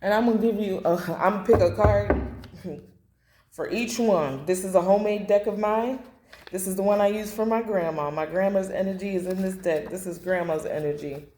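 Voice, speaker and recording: A woman's voice: medium pitch, normal speed, dark tone. A woman doing a blunt, emotional tarot reading to camera, repeating phrases and swearing. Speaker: tarot reader. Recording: echoey room.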